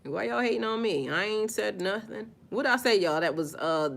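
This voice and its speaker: Bright-voiced woman ranting on a live stream. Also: medium pitch, normal speed, creaky. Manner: animated, profane, slangy, talks straight to viewers. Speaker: spiritual vlogger live-streaming. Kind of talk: casual live-stream chat.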